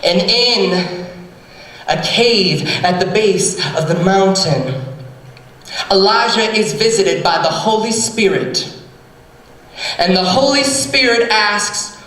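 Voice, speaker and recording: A man's voice: sits high, expressive, takes it slowly, long pauses, fairly bright tone. A man, a pastor, retelling a Bible story with flamboyant, campy comedic asides. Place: theatre stage. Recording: echoey stage heard from far off.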